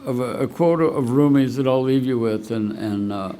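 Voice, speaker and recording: A man's voice: medium pitch, expressive, normal speed, vocal fry, hardly any pauses, a little mellow, slight background noise. A man speaking as the guest speaker at a recovery meeting, telling a rambling, heartfelt personal story and choking up with emotion. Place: meeting room at a school.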